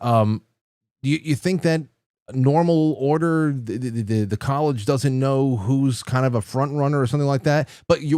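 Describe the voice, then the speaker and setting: A mid-pitched man hosts a podcast and puts his questions together haltingly, with many restarts. His voice is recorded dry and close. He sounds casual and conversational. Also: a little mellow, no room sound. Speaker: podcast host.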